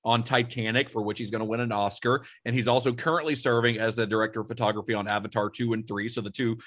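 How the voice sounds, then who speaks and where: A man's voice: mid-range voice, fairly even intonation, quick pace, a bit bright, no room sound, clean studio sound. A man hosting a podcast, telling a film story in a casual, rambling way with many fillers and laughs. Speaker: podcast host.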